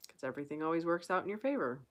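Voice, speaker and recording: A woman's voice: deep voice, sing-song, racing. A young woman hosting a casual live Q&A stream, chatting and reading viewer comments aloud. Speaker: livestream host.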